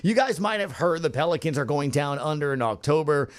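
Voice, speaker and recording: A man co-hosting a sports podcast, jokey and animated as he introduces a guest. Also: fairly high pitch, fairly quick. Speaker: podcast co-host. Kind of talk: casual podcast chat.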